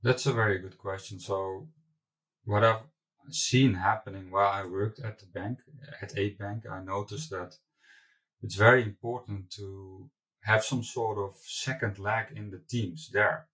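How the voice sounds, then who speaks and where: A man's voice: lowish voice, fairly even intonation, measured pace, fairly bright tone. Man, interview guest, candid and loose, restarts often, somewhat distant from the mic. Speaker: company founder and CEO, guest. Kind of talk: conversational interview answers.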